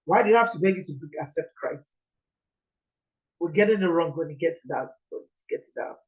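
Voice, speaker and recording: A woman's voice: low voice, a little fast, darkish tone, low-quality recording. A Nigerian woman preaching an informal sermon in an earnest, pleading way, repeating her points.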